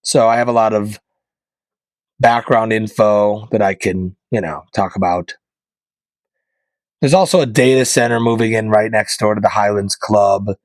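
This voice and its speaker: A man hosting his own podcast, joking through casual rambling asides in a deadpan way, from northeastern Pennsylvania. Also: fairly low pitch, moderate pace, pauses often, no echo. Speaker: podcast host. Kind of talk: casual comedic monologue.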